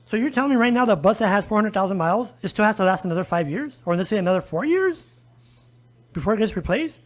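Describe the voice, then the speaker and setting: A man's voice: sits high, animated, fast talker. A man speaking as a guest advocate in a conversational podcast interview, emphatic and often turning to listeners with "folks" and "okay?". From El Paso area, US.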